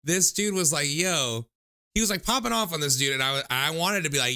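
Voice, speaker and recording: A man's voice: animated, brisk, bright, forceful tone, no room sound, clean studio sound. Profane, rambling young streamer guy. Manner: profane, rambling, lots of "like" fillers; mimics people in high voices when quoting. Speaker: livestream host taking call-ins. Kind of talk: casual storytelling chat.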